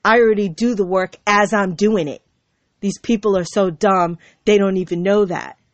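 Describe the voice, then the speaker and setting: A woman's voice: mid-range voice, fairly even intonation, normal speed, dry recording. A woman hosting her own show, delivering an aggrieved, sarcastic monologue with mocking asides. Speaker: show host. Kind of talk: ranting monologue to camera. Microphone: computer mic.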